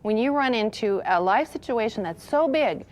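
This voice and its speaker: A woman co-hosting a talk show, giving measured, agreeable replies to her co-host. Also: on the high side, lively intonation.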